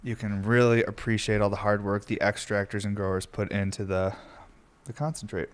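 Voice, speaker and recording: A man's voice: lowish voice, steady tone, fairly quick. A young man hosting a podcast, rambling in a laid-back way with lots of swearing. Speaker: podcast host. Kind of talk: casual stoner podcast chat.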